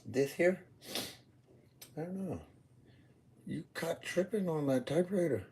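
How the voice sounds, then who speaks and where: A man high on weed, rambling goofily in a meandering monologue addressed to God. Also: expressive, unhurried, dark tone, breathy edge. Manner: goofy, meandering, talks to God. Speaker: vlogger. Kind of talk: rambling stream-of-consciousness monologue.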